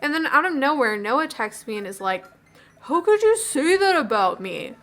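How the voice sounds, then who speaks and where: A woman voicing an upset, rambling teenage girl in a video game, with a high, bright voice. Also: very animated, normal speed, faint music behind, exaggerated voice. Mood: gossipy. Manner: rambling, gossipy, dejected.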